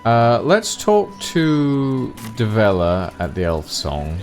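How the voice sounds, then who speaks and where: A man's voice: medium pitch, wildly swooping pitch, takes it slowly, faint music behind. A man streaming a video game, chatting casually, wry and prone to restarts. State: has the hiccups. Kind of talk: casual let's-play chat.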